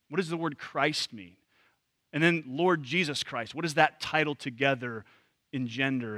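A man's voice: medium pitch, sharp tone, dry recording. A man leading a church training session, talking casually with many fillers and restarts. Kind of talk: casual teaching to a group.

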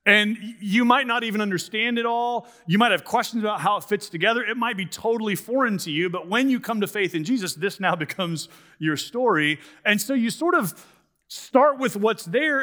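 Man, pastor, sermon, bright voice, slightly high pitch, chatty and animated delivery. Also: a little fast. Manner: conversational, animated, many "like" and "sort of". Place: church sanctuary.

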